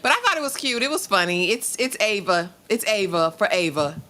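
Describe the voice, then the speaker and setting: Lively, bright-voiced woman co-host. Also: mid-range voice, a little fast. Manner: laughing, playful, quotes characters. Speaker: TV review podcast co-host. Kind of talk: casual TV recap chat.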